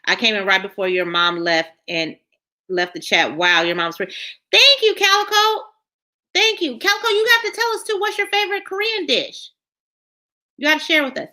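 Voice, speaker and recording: Reading out live chat comments, this channel host keeps up lively, casual talk and repeats herself a lot. Her voice sits high, and her pace is moderate.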